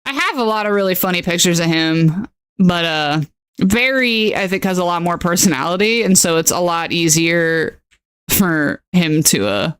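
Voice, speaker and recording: A woman's voice: on the low side, lively intonation, normal speed, fairly bright tone, clean tone, no room sound. A woman chatting casually on her livestream at home, laughing often and talking in a bubbly way. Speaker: streamer.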